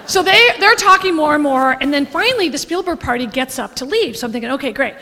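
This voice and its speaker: A woman stand-up comedian telling a brash, profane story with animated delivery. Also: sits high, quick pace, few pauses, in a large hall, noisy background.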